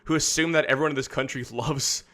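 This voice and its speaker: A man rambles through casual livestream commentary in his studio. His talk is exasperated and full of swearing and restarts, and his voice sits at an ordinary middle pitch. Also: steady tone, fast talker, pushed and bright. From Canada. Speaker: streamer host.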